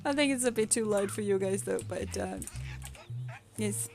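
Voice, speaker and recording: A woman whose first language is Swedish, chatting casually while streaming a game, giggling often and rambling with repeated words. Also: mid-range voice. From Sweden.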